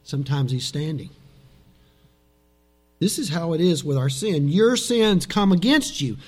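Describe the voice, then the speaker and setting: Pastor guy giving a sermon, high voice, big swings then hushed bits. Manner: animated, dramatic delivery with sudden soft drops.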